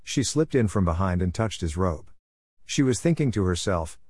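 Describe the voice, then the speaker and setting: A man reading the Bible aloud in a measured, steady delivery, announcing verse numbers as he goes. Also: lowish voice, breathy edge, no room sound, clean studio sound. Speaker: Bible reader.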